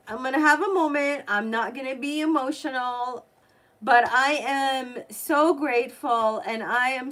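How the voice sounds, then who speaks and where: Woman, tarot reader, live stream, chatty, emotional, unhurried, a bit high. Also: fairly bright tone.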